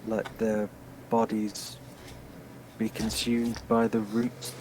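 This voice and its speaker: A man's voice: lowish voice, monotone, slow, a little mellow, a little hiss or hum, rough recording. A man playing a tabletop game, talking hesitantly with many fillers. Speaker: player.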